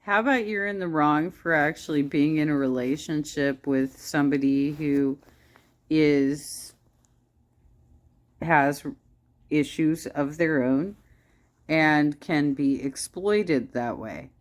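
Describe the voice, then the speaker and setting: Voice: mid-range voice, slow. A co-host reacting to a clip with sarcasm and exasperated disbelief. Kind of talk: reaction commentary.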